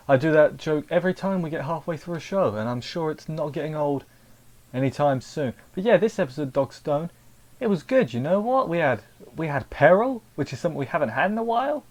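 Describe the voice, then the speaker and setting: A man giving a casual, rambling spoken review of an anime episode, often repeating words and restarting sentences. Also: on the high side.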